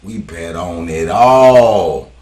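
Brief: a man betting-show host, slangy, slow talker, stretches team names into high calls. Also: lively intonation, a little mellow. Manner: belts out team names in drawn-out high calls between low mumbled asides; slangy, keeps saying "boy". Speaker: sports betting channel host. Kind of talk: casual betting talk.

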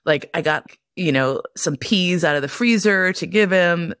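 A woman's voice: on the low side, measured pace, fairly bright tone, no echo, clean studio sound. A middle-aged woman hosting a podcast, telling stories casually, swearing freely and breaking into laughter. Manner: profane, laughs often while telling stories. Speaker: podcast host. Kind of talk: casual storytelling monologue.

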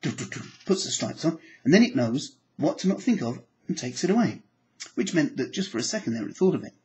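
A man teaching applied psychology to camera, animated and acting out his examples. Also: brisk. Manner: animated, acts out examples with sudden pitch jumps. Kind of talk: lecture to camera.

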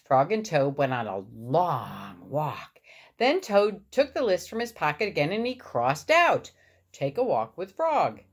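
A woman reading a picture book aloud to her boy, pausing to point out the pictures. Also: low-pitched, big pitch swings, husky. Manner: warm, explaining the pictures. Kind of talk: storybook read-aloud.

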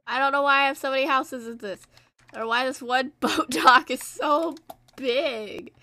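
A woman's voice: high voice, moderate pace, pushed and bright. A teenage girl streaming a game, chatting casually in a rambling, self-deprecating way. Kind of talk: casual gameplay chat.

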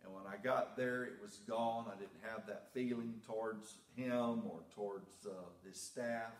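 A man's voice: on the low side, steady tone, unhurried. A man preaching a sermon as pastor, telling a personal story in a folksy way and building to emphatic preaching. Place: church sanctuary. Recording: echoey church room.

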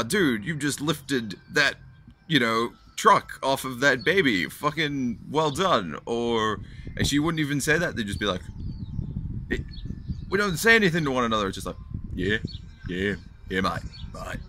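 A man's voice: mid-range voice, sharp tone, a little hiss or hum. A young man hosting his own video channel, ranting bluntly and swearing freely as he answers a fan's question. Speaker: vlog host answering fan questions. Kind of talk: casual profane rant to camera.

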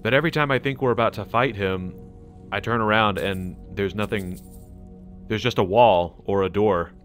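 A man's voice: lowish voice, moderate pace, faint music behind. An American man hosting a gaming channel, chatting and laughing through casual gameplay commentary. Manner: excitable, chatty, laughs a lot.

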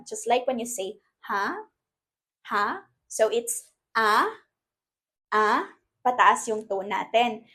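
A young woman with a Filipino accent teaching a short lesson, switching between English and Filipino and singing out example sounds. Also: a little high. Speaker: language teacher. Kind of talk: short-form language lesson.

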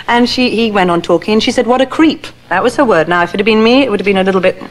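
A woman with an English accent, an actress telling lively anecdotes as a talk show guest, with laughs and restarts. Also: mid-range voice, racing. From England. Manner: animated storytelling with laughs and restarts. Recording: 1980s TV studio broadcast.

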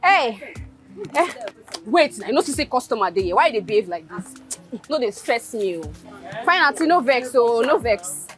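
A fawning street food seller with a Nigerian accent, played by an actress, mixing pidgin into her talk. Her voice is high and lively, and film music plays clearly behind her. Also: moderate pace, pauses often. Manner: flattering, pidgin-laced. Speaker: actress playing a food vendor. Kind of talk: Nollywood film acting.

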